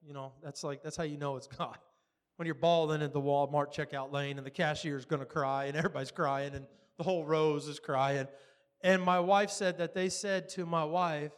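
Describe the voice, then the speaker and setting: A man's voice: a little high, normal speed. A man preaching a sermon, telling stories and acting out dialogue with frequent laughs. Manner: animated, acts out dialogue, laughs often. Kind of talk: sermon storytelling.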